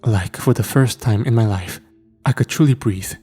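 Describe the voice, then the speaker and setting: A man calmly narrating a horror story in a measured, scripted way. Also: on the low side, slightly rough, soft background music.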